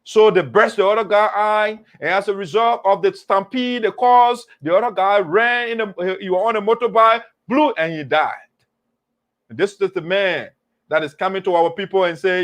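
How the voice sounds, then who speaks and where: A man hosting a political talk show, animated and mocking, repeating phrases for emphasis. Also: high-pitched, normal speed. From Liberia. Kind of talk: political commentary monologue.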